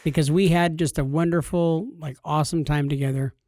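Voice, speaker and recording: A man with a fairly high voice co-hosts a casual podcast, joking and teasing as he talks. He sounds dry and close to the mic. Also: fairly even intonation, brisk, mellow, no echo. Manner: jokey, teasing. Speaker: podcast co-host. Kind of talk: casual chat.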